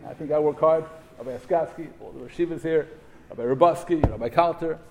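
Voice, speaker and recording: A middle-aged man preaches with emphasis, stacking rhetorical questions and weaving in Hebrew terms. His voice sits a little high for a man. A faint hiss runs under the recording. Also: quick pace, gravelly, narrow, tinny audio. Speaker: rabbi giving a memorial talk. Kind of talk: sermon to a yeshiva audience.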